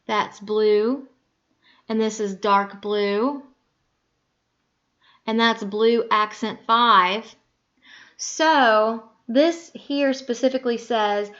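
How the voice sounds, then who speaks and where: Woman instructor, slightly high voice, patient step-by-step software walkthrough, dull lo-fi capture. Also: steady tone, extremely slow, pauses often. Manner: patient, talks through each click, self-correcting aloud. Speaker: teacher. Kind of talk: screen-recorded software tutorial.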